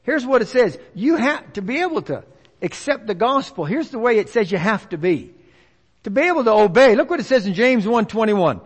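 A man's voice: high voice, sing-song, fairly quick, breathy edge. A man preaching a folksy sermon, acting out the voices of others. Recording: long reverb of a large hall.

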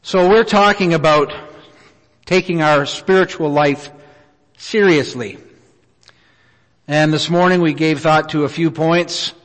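A middle-aged man preaching a sermon, telling a personal story in an earnest, unhurried way with many pauses. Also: a little high. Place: church auditorium. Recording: reverberant hall.

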